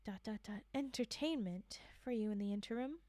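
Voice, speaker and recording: A woman's voice: on the high side, moderate pace, dark tone, no echo, natural voice. A woman reading the lines of a patronizing, dismissive male doctor.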